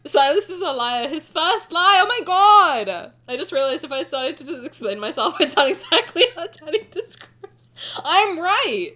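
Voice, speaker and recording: A woman's voice: high-pitched, very animated, unhurried, bright, forceful tone. A young woman streamer chatting casually in a reaction stream, teasing and blunt, swearing freely and laughing often.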